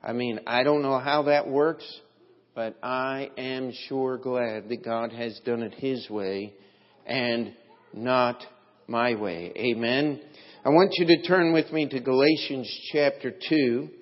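A man preaching a sermon as pastor, slow and deliberate, with emphatic swells in his delivery. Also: medium pitch, fairly even intonation. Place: church sanctuary. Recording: dull, lo-fi, long hall reverb.

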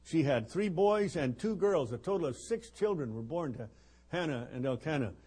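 Older man, 70s, husky and fairly high-voiced, chatty joking preacher at a missions gathering. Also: expressive, normal speed, warm tone. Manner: joking, rambling, with chuckles and fillers. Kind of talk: folksy sermon.

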